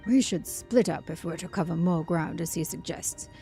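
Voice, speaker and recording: A woman reading fantasy game dialogue aloud for the characters, using a put-on high English accent and a measured, formal delivery. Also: wildly swooping pitch, mellow, faint music behind. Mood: earnest.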